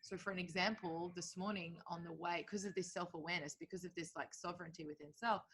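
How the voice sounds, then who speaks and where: Bright-voiced, reflective woman guest. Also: lowish voice, fairly even intonation, fast talker, a little hiss or hum. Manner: open, reflective, heavy use of filler words. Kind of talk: casual conversation.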